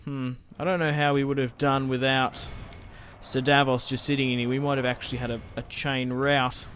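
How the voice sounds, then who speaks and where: A man's voice: medium pitch, flat delivery, moderate pace, fairly bright tone, a little hiss or hum. A man giving casual, thinking-aloud commentary on a strategy game he is playing, and swearing when things go wrong. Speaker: gaming channel host.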